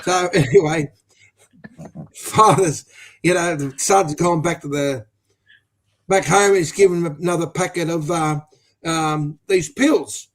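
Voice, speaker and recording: A man telling a crude joke on a footy podcast, rambling and halting with lots of fillers. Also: fairly high pitch. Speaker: podcast panelist.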